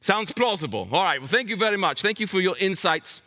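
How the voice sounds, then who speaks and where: A man playing a bumbling, excitable detective for a children's Bible school, theatrical and playful, with dramatic exclamations. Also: high-pitched, a little fast. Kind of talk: comic character acting for children.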